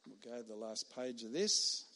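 A man's voice: medium pitch, expressive, bright, forceful tone, a little hiss or hum. Earnest middle-aged male preacher. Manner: earnest, emphatic, with pauses and laughs at his own stories. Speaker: hospital chaplain and preacher. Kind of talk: sermon.

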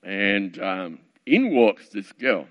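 A man's voice: fairly low pitch, big pitch swings, takes it slowly. A middle-aged man preaching, telling a story from his working life in a conversational, wry way with many asides. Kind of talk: storytelling sermon. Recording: dull lo-fi recording.

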